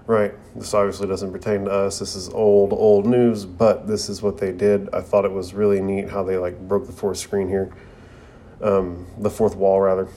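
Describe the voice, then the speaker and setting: A young anime reviewer casually recaps an episode, reading the characters' lines aloud in his own voice and sprinkling in loose fillers and slang. His voice is warm and on the low side.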